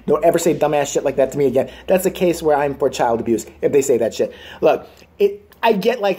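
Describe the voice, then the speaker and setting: A man's voice: on the high side, fast talker, dark tone. A man in his thirties ranting crudely and sarcastically as a vlogger, swearing constantly. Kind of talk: profane comedic rant.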